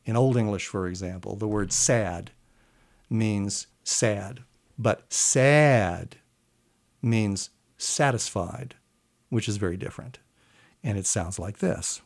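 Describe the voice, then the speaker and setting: A man, a literature scholar, talking through old English verse in a relaxed interview, sometimes reading lines aloud slowly with long, held vowels. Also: lowish voice, vocal fry. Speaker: literature professor guest. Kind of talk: animated explanatory chat with recitation.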